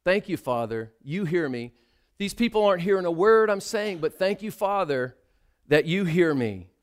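A man preaching a sermon, dramatic, swinging between hushed quotes and loud calls. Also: sits high, expressive, normal speed, smooth.

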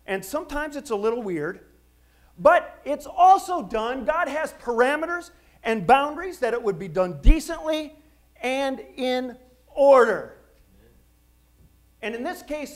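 A middle-aged man preaching a sermon, telling stories with jokes and asides in an animated way. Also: very high voice. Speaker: pastor.

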